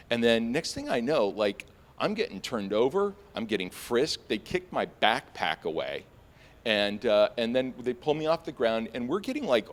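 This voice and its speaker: Brief: young man, lowish voice, live stage storyteller, chatty with lots of fillers, spikes high on panicked asides. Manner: animated, conversational, leans on "like", jumps to high pitch for panicked quotes.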